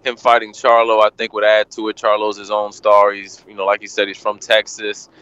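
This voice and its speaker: A man calling in to a talk show, relaxed and thinking out loud. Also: fairly low pitch, a little fast, clean tone, lo-fi sound. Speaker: caller. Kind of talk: casual call-in chat.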